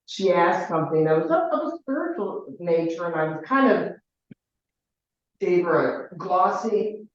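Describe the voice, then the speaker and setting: A woman in her sixties from Ohio, telling a personal family story in a rambling, halting way with many restarts. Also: lowish voice, expressive. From Ohio, United States. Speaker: caller sharing her story. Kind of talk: personal storytelling in a group call. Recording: very echoey, distant, muffled.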